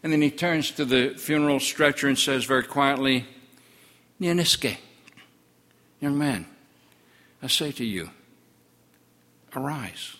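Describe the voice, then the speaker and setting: An older man preaching in the first person as an awestruck twelve-year-old village boy, earnest, his voice sinking low in the sorrowful parts. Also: level tone, a little fast, few pauses, a bit bright, long reverb tail, natural voice. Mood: grieving, awed. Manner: earnest storytelling, voice drops low in sorrowful passages. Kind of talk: first-person story sermon.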